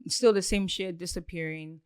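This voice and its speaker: A woman guest on a podcast, telling a story casually in a rambling, filler-heavy way with lots of swearing and animated acted-out quotes. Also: on the low side, moderate pace, clean tone, no room sound, clean studio sound.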